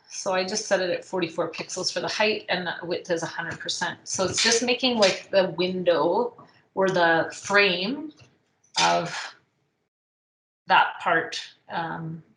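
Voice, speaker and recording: A woman teaching a software tutorial, thinking aloud as she clicks through the steps, with frequent ums. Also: fairly low pitch. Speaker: instructor. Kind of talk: screen-recorded software tutorial. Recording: echoey room.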